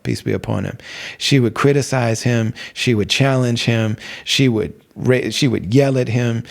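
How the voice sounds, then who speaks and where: A middle-aged American man hosts a podcast in a loose, conversational way. He drifts through asides and restarts, leaning on fillers. His voice sits at an ordinary middle pitch. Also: vocal fry, darkish tone. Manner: rambling, many fillers and restarts. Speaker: podcast host. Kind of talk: casual religious talk.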